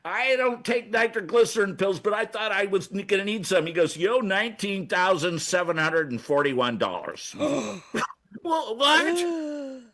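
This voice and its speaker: In a radio studio, a man appearing regularly on a comedy segment chatters excitedly, stammering and restarting as he rambles frantically. His high-pitched voice is very animated, pushed, and bright, though his pace is unhurried.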